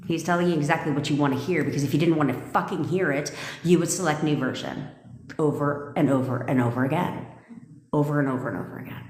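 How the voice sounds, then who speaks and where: A low-pitched woman talks straight at her viewers, blunt and emphatic, swearing freely as she coaches them. Her voice rings in an echoey room with a long reverb tail. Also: a little fast. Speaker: manifestation coach. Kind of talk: live-stream coaching talk.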